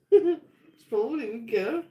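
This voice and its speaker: A woman's voice: fairly high pitch, animated, unhurried, mellow, echoey room. A young woman laughing and teasing in casual chat off to the side. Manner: giggly, teasing. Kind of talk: casual banter.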